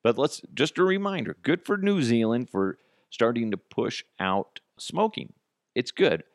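A comedy podcast host swears and mocks his way through a solo rant, sometimes performing both voices of a dispute. His mid-range voice swings widely in pitch and runs a little slow. The recording is dry and cleanly studio-made.

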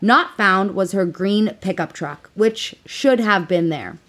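A podcast host in her thirties narrates a true-crime case in a casual, chatty way. She is playful and adds dramatic flourishes as she tells the story. Her voice sits at an ordinary middle pitch for a woman. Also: animated, slow pace, fairly bright tone.

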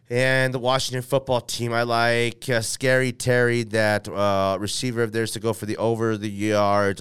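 His lowish voice is a touch bright, clear, and resonant, recorded without echo. On his laid-back sports podcast, this host delivers an ad read and then talks about his team, rambling and self-correcting amid many fillers.

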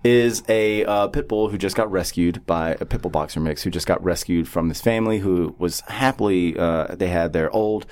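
A man telling a story in a casual group chat, animated and laughing often, swearing freely. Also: low voice, normal speed, few pauses.

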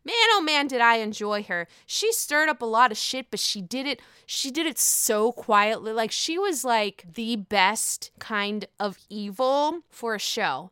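A woman giving casual, blunt commentary, full of swearing and animated outbursts. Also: fairly high pitch, measured pace, hardly any pauses, clear, resonant tone, dry recording, studio quality. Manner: blunt, profane, animated rant.

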